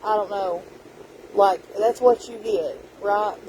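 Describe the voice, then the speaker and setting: Chatty woman, dark voice. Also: medium pitch, slow, a little hiss or hum, rough recording. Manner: rambling, chatty storytelling. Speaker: vlogger. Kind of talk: casual vlog chat.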